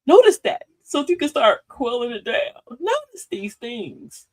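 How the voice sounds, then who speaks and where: Older lady, playful and preachy, pitch all over the place, hosting a live self-help chat. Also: measured pace. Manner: animated, preachy, playful with slang. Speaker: host of a live talk show. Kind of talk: motivational live-stream talk.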